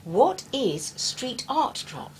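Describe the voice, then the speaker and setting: A woman's voice: sits high, very animated, very slow, slight background noise, low-quality recording. English woman host, chatty interviewer. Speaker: radio-style show host, interviewer. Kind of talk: interview chat.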